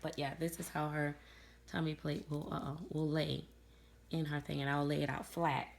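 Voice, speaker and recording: A woman's voice: deep voice, little pitch movement, moderate pace, creaky, slight background noise. A middle-aged woman chatting casually to her viewers, telling a funny story about her dolls and laughing along as she acts out what others said. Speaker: doll collector vlogger.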